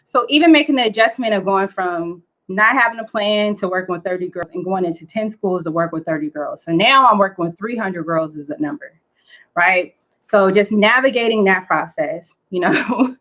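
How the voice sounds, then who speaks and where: Chatty, excitable woman. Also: mid-range voice, normal speed, rough recording. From United States. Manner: excitable, chatty, many fillers. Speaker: guest. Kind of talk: casual storytelling.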